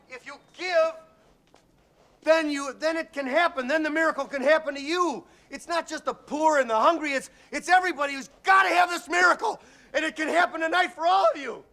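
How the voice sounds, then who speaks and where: An actor playing a middle-aged male TV executive giving an emotional, stammering speech that rises into shouts. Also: very high-pitched, creaky, full character voice. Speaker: film character delivering a speech. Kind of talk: film dialogue.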